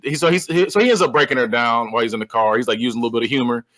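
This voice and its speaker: A man co-hosting a podcast, casually recapping a film and retelling its scenes with lively, frequent laughter. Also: medium pitch, rapid-fire. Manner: animated storyteller who acts out characters; laughs often. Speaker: podcast co-host. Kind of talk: casual movie-recap chat.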